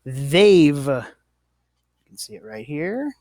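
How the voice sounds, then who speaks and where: Male teacher talking slow n patient, bouncy pitch, dry close sound. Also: sing-song, a little mellow, no echo. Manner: patient, self-correcting, apologetic. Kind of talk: slow, deliberate classroom explanation.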